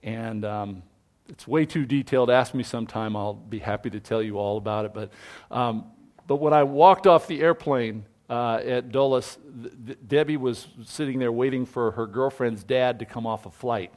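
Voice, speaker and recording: A man's voice: mid-range voice, moderate pace, a little mellow. A middle-aged man preaching a sermon as pastor, telling stories with animation and acting out the voices of people he quotes.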